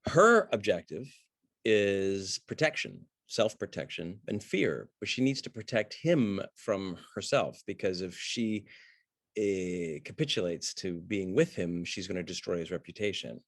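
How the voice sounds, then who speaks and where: A middle-aged man, an acting teacher, breaking down a film scene for an online class over a video call, animated and conversational. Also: low-pitched, measured pace, no room sound. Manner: animated, conversational, jumps into reading script lines.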